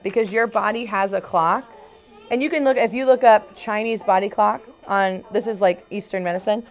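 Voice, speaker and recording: A woman's voice: medium pitch, brisk. A woman chiropractor leading a casual group talk, chatty, laughing often and acting out what her patients say.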